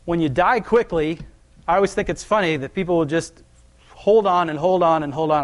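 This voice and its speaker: A man's voice: fairly high pitch, normal speed. Folksy, conversational male preacher. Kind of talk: sermon.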